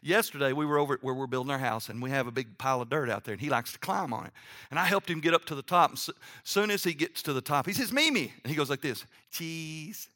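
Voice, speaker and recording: A middle-aged man preaching a sermon as pastor, telling family stories and reading scripture aloud, sometimes dropping to a hushed low voice. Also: quick pace. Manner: animated storytelling with sudden drops to a hushed, low voice; reads scripture aloud, acting out the characters' lines.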